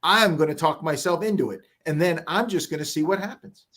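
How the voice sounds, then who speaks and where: High-voiced energetic motivational man. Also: brisk. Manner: energetic, emphatic, acts out voices. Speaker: podcast guest. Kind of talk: motivational storytelling.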